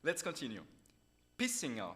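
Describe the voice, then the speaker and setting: A man's voice: mid-range voice, wildly swooping pitch, bright, forceful tone, slight background noise. A man with a Luxembourgish accent, leading a quiz game and reading out place names one by one between frequent laughs. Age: adult, a teacher. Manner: reads names deliberately, laughs often. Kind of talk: casual comedy game chat.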